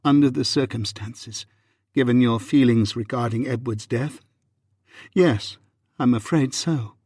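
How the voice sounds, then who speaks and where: A man voicing a hurt, proud young Regency wife in an audiobook, with a husky, measured and restrained delivery. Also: mid-range voice, darkish tone, no room sound, clean studio sound. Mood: wounded. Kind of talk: audiobook reading.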